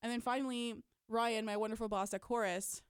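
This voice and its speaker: A young woman from Canada talks fast and bubbly, dropping in quick laughs and playing out little scenes of what people told her. Her voice sits in a middle pitch and sounds dry and close in a small studio. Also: steady tone, clean tone, no room sound. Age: 20s. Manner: chatty, laughs often, acts out quotes. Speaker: guest. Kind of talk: casual interview chat.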